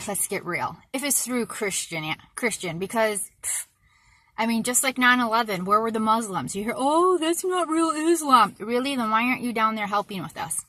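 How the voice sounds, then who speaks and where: A woman's voice: fairly high pitch, bright, forceful tone, no room sound. A woman from the United States ranting in an indignant, exasperated monologue to her viewers, often repeating herself for emphasis. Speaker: vlogger.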